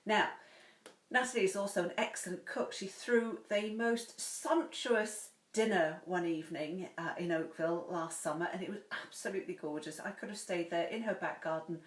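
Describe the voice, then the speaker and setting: A woman's voice: on the low side, moderate pace. Chatty woman reading aloud, roomy. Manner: chatty, effusive. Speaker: host reading a book's first chapter. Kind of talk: livestream chat and read-aloud. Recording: roomy echo.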